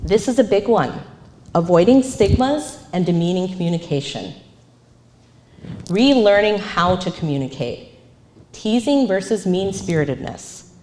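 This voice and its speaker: A woman's voice: mid-range voice, measured pace, a little hiss or hum. A woman counselor giving a live presentation, acting out the phrases she quotes. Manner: animated, acts out quoted phrases. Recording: echoey room.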